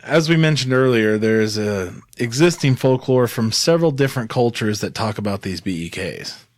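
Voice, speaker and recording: A man's voice: medium pitch, animated, normal speed, no echo. Man co-host with a dry close sound. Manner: short agreeing replies, reads notes aloud. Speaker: podcast co-host. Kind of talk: casual folklore podcast chat.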